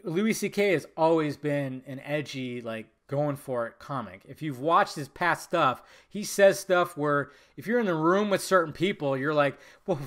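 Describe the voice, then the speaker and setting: A man's voice: a little high, expressive, moderate pace, hardly any pauses, fairly bright tone. A man hosting a solo podcast, talking casually and rambling, with profanity and frequent laughter. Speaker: podcast host.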